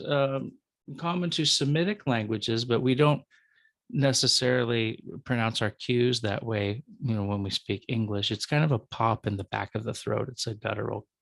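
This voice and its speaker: A man's voice: mid-range voice, a little slow, gravelly, a bit bright, no echo. A male professor giving a recorded lecture, sounding out syllables one at a time and explaining them to students. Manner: explanatory, with fillers and asides to the student.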